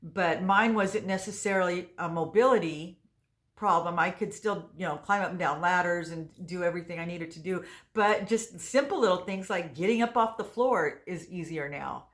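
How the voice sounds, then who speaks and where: A woman in her sixties chats straight to her viewers, rambling and circling back with restarts and fillers. Her voice sits a little low for a woman. She sounds relaxed and conversational. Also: normal speed. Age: 60s. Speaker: vlogger. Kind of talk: casual chat to camera.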